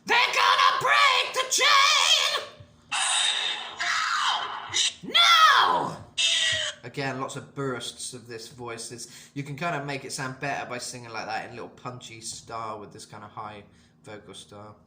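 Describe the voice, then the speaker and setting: A man's voice: mid-range voice, fairly even intonation, fairly quick, pushed and bright, reverberant, slight background noise. A man giving a casual singing lesson and explaining vocal technique in loose, rambling talk full of fillers. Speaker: vocal coach.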